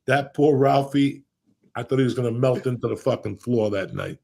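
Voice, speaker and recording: A man telling stories in a casual chat, profane and rambling, with a gravelly, raspy voice. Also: medium pitch, normal speed, mellow. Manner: profane, storytelling. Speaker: podcast host.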